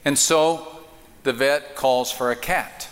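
A man preaching a sermon in a church, telling a joke with voices and then speaking slowly and emphatically. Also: mid-range voice, a bit bright, a little hiss or hum. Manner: acts out the joke's voices, slow emphatic preaching. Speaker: pastor. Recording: reverberant church hall.

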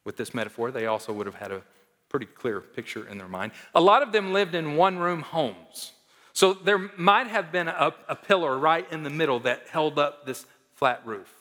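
A man preaching a sermon as pastor, emphatic, rising to loud stresses and dropping to soft endings. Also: on the high side, expressive, normal speed. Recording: long reverb of a large hall.

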